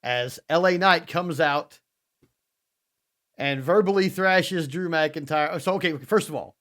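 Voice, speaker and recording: A man co-hosting a podcast, telling a wrestling recap as an animated storyteller. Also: a little high, unhurried. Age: adult father. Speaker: podcast co-host. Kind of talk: casual wrestling recap chat.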